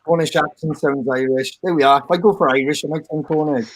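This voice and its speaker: A man's voice: a little high, steady tone, fairly quick, dry recording, poor audio. A British man co-hosting a band podcast over a video call, joking and teasing in casual banter. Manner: jokey, teasing, tries silly accents. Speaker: podcast co-host.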